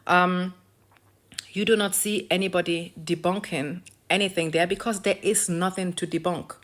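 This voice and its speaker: A woman's voice: lowish voice, fairly even intonation, moderate pace. Blunt, profane woman ranting on camera. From Africa. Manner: lecturing, repeats phrases for emphasis. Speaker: video creator. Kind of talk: ranting social commentary vlog.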